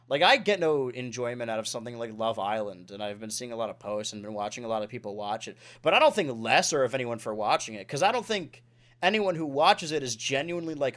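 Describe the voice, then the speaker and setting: A man's voice: mid-range voice, a little fast, fairly bright tone. Rambling man hosting a casual podcast. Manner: rambling, self-correcting, lots of "like". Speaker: podcast host.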